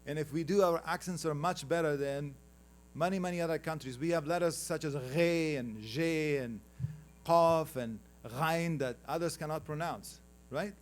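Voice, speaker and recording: A man's voice: fairly high pitch, normal speed. A man from Afghanistan with an Afghan accent, giving a conversational conference presentation with slides and joking with the audience. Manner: conversational, teasing the audience, calls for next slides. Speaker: conference panel speaker.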